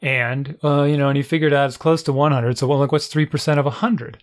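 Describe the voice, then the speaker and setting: A man in casual conversation, telling a story with lively, exasperated asides and quoted dialogue. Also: a little high, fast talker. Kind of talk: casual chat.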